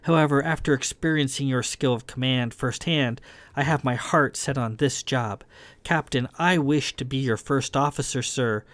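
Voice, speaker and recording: A man's voice: medium pitch, moderate pace, a bit bright, no echo, lightly acted. A man reading a proper, composed woman marine. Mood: cool. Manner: formal and proper, unflinching.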